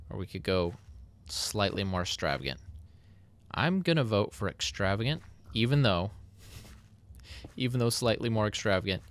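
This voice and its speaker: Offering casual gameplay commentary, a man who makes Minecraft videos on YouTube talks through his building in a chatty, self-mocking way. He has a slightly bright voice on the low side.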